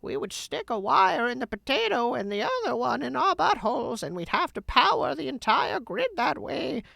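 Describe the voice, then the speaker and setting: A woman putting on a slow, grumbling old man who complains about young people, with faint game music behind. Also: sits high, sing-song, vocal fry, a bit bright, no echo, pitched above the performer's own voice, full character voice.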